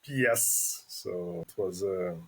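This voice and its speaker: A man's voice: low-pitched, drawn-out words, creaky, fairly bright tone, husky. A man from Portugal with a Portuguese accent, a guest on a podcast who gives brief, hesitant answers.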